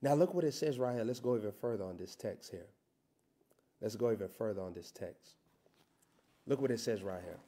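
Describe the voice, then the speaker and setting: A man preaching a sermon, reading scripture slowly and building to loud, shouted emphasis. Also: fairly low pitch, animated.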